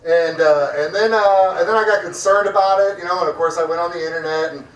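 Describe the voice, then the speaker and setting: High-voiced man hosting a comedy night. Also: quick pace. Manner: crude, rambling, joking with the crowd. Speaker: comedy show host. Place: back room of a restaurant. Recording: echoey room, mic heard from far off.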